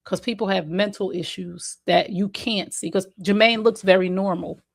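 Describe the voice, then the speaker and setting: A woman's voice: medium pitch, moderate pace, gravelly. A woman with a New Jersey accent, a mother and autism advocate, telling stories in a casual interview and acting out what people said. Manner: animated storyteller, acts out quotes.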